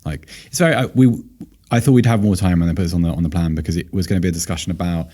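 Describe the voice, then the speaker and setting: A man's voice: sits low, rapid-fire, dark tone. A man co-hosting a football podcast, chatting casually and thinking aloud with fillers, his voice a little tired. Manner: thoughtful, hedging with fillers. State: voice slightly tired. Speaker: podcast co-host, football analyst.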